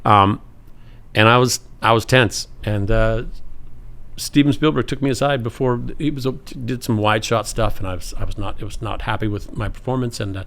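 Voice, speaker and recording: A man's voice: medium pitch, a little fast, creaky, a bit bright. A middle-aged man, a podcast guest, telling self-deprecating stories and acting out the voices of people in them. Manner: self-deprecating storyteller, acts out other voices. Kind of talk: telling anecdotes.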